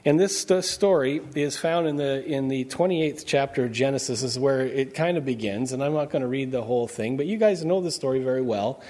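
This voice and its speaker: A man's voice: medium pitch, a little fast, hardly any pauses, warm tone. A man preaching a sermon in a conversational way, quizzing his congregation with questions as he goes. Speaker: pastor.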